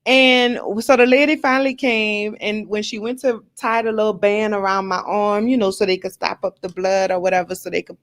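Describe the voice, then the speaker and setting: A woman's voice: mid-range voice, fairly even intonation, brisk, few pauses, dry recording. A woman hosting a live stream, chatting casually and candidly to her viewers, telling a personal story with lots of fillers and repeated words.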